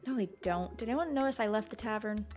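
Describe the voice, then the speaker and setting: A woman's voice: medium pitch, fast talker, a little mellow, soft background music, natural voice. A woman voicing a lonely, overlooked young man who talks in a sulky, self-pitying way, as a game character read aloud. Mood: sad.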